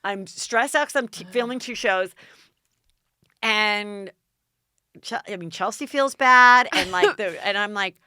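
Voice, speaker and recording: Bright, animated American woman telling stories. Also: medium pitch, unhurried, pauses often, clear, resonant tone, no echo, studio quality. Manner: animated, dramatic retelling with quoted voices. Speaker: podcast host. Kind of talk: casual storytelling chat.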